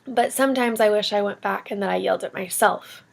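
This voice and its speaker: A woman's voice: mid-range voice, brisk, gravelly. A young woman vlogger giving heartfelt, rambling encouragement in an earnest manner. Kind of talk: heartfelt motivational vlog talk.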